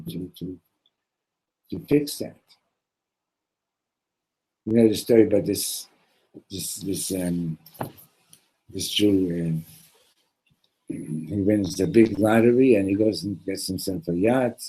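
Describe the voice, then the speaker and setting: A man, a rabbi, giving a casual sermon with a joke, talking in a halting way with many repeated words and conversational asides. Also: lowish voice, warm tone, husky, low-quality recording. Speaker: rabbi teaching a class.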